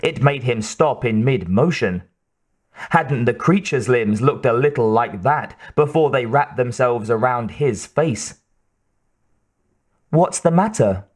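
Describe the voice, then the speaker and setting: A male audiobook narrator reading in a measured, steady manner. His voice sits at an ordinary middle pitch. He takes the text at a slow, unhurried pace. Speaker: audiobook reader.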